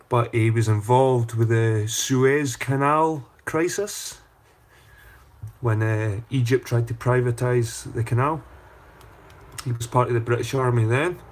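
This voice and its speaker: Husky man ranting. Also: medium pitch. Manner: profane, rambling, repeats phrases. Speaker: channel host. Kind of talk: casual livestream rant.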